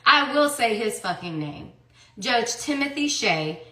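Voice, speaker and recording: A woman's voice: fairly high pitch, expressive, takes it slowly, sharp tone. A woman giving a heated personal account in an interview, blunt and profane, who hammers her points with repeated rhetorical questions. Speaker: interview guest. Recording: echoey room.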